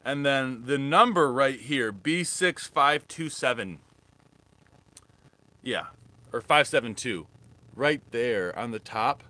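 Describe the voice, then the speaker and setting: A man's voice: mid-range voice, lively intonation, slow, pauses often, sharp tone, no room sound. A young man rambling casually through a live thrift haul as a reselling vlogger. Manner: rambling, chatty, restarts often.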